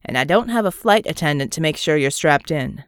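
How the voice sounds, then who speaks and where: A woman playing a curt, gruff male pilot. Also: deep voice, lively intonation, brisk, dry recording, clean studio sound, pitched below the performer's own voice. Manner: curt, sardonic.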